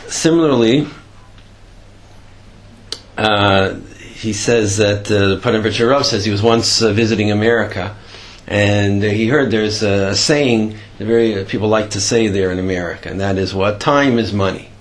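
A man's voice: on the low side, moderate pace. A man giving a Torah class, telling stories and explaining a point, with many fillers and restarts and a voice that jumps up when he stresses something. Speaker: Torah teacher.

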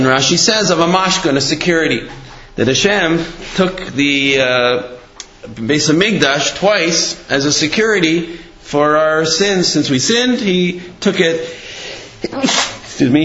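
A man teaches a religious lesson as an animated, conversational storyteller, his voice swinging widely and sitting a little high. The recording sounds roomy and somewhat dull. Faint noise sits behind him. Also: a little slow. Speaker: Torah teacher.

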